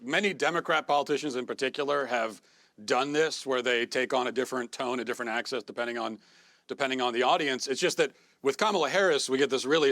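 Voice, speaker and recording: A man answering questions as a guest on a TV interview, measured with frequent fillers. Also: medium pitch, a bit bright, no room sound.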